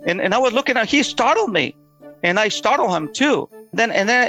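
A middle-aged man tells a personal story in a slightly high voice, earnest and halting, often stopping to restart a sentence. Soft music plays faintly behind him. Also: animated, muffled recording. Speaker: storyteller sharing a personal testimony.

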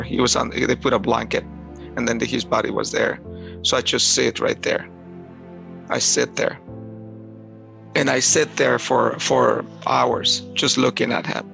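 A man with a deeply gravelly, creaky voice and a bright, tense edge tells his own story. He talks in halting bursts, restarting and repeating words as he goes, with faint music underneath. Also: flat delivery. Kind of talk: personal testimony.

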